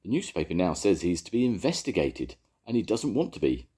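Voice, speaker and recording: Brief: earnest engine driver, deep and husky, lively swings, read by an older man. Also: brisk, heavily acted. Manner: earnest, plain-spoken. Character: kindly Welsh railway engine driver, earnest.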